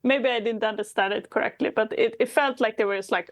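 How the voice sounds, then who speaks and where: A woman's voice: on the high side, quick pace, no room sound. A woman from Sweden chatting thoughtfully as a podcast co-host, laughing often. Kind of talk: casual chat.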